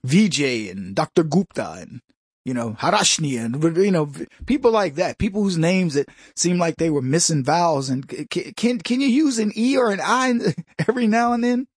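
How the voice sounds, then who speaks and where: A man's voice: a little high, very animated, normal speed, slightly rough, no echo, studio quality. A man hosting a talk radio show in an opinionated monologue, mocking and sarcastic, laughing at his own jokes.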